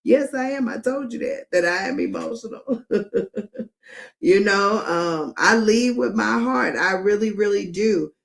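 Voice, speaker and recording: A woman's voice: mid-range voice, creaky. A middle-aged woman hosting a live commentary stream, talking emphatically and drawing out words, with frequent laughs. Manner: emphatic, drawn-out, laughs often.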